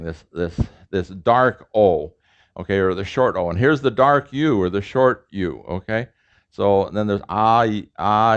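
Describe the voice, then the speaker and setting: A man lecturing a class as a professor, playfully drilling sounds aloud and quizzing the audience. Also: medium pitch. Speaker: professor teaching a language class. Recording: dull lo-fi lecture recording.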